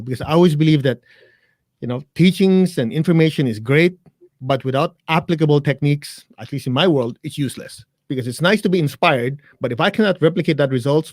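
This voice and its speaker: A man's voice: fairly high pitch, darkish tone, no room sound, studio quality. Blunt, joking male meditation teacher. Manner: blunt, joking, talks straight to listeners. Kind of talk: guided meditation instruction in a live interview.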